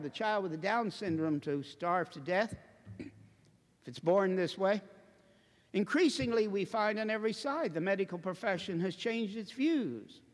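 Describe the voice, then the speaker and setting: A high-pitched man preaches with lively, swooping intonation, pressing each point home with impassioned emphasis. His voice rings out in a church, trailed by a long reverberant hall echo. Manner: impassioned, emphatic, building to forceful declamation. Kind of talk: sermon. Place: church before a congregation.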